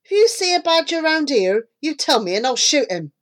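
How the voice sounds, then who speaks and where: A woman voicing a gruff, harsh farmer man in a storybook reading, with blunt, clipped phrasing. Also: high voice, big pitch swings, normal speed, voice pushed up.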